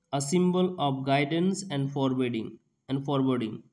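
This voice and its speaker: A man, working as a tutor who reads out quiz questions and answers, repeating each one slowly and restarting often. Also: mid-range voice, darkish tone. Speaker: exam prep tutor. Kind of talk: reading out and explaining quiz questions.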